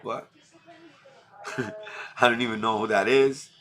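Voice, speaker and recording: A man's voice: on the low side, fairly even intonation, a little slow, a bit bright. Blunt New man on a livestream. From New York. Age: middle-aged. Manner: blunt, repetitive street slang. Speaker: livestream host. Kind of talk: emotional casual livestream talk.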